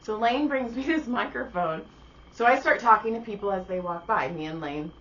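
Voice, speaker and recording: A woman co-hosting a podcast, telling a story in casual chat, animated and profane, slipping into voices for the people she quotes. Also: mid-range voice, normal speed, highs cut off. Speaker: podcast co-host.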